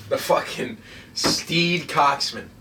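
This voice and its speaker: A man's voice: a little high, bright, forceful tone, far from the mic, a little hiss or hum. A young man from the Boston area co-hosting a podcast, joking crudely with lots of swearing. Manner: profane, crude joking banter. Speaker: podcast co-host. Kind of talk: casual chat.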